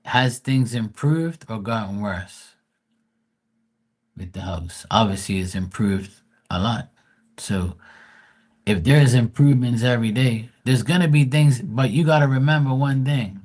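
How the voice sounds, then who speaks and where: A man's voice: mid-range voice, a little slow, a little mellow. A man, giving blunt, profane advice on a casual livestream. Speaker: live tarot reader.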